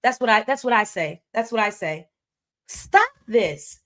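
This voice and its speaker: A woman's voice: a little high, expressive, a little slow, a bit bright. A woman doing casual live-stream commentary, talking emphatically, repeating phrases and slipping into preachy asides. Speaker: livestream commentator. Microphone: streaming setup.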